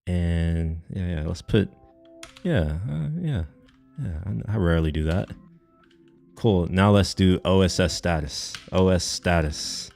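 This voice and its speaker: A man's voice: low voice, slow pace, vocal fry, a little mellow, faint music behind. A young man chatting casually on a live stream, rambling and joking, with casual swearing.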